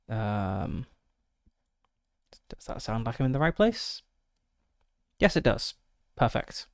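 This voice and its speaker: A man's voice: medium pitch, big pitch swings, takes it slowly, vocal fry, pauses often, no room sound, clean studio sound. A man streaming a solo tabletop game, reading out the gamebook text and muttering through his dice rolls with many fillers.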